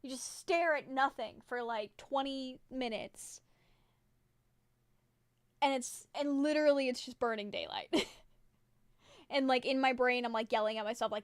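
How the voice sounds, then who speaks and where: A woman's voice: high voice, unhurried, long pauses, clear, resonant tone, no echo. A young adult woman streamer chatting casually with her live viewers, rambling and giggling often, with many fillers. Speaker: livestreamer.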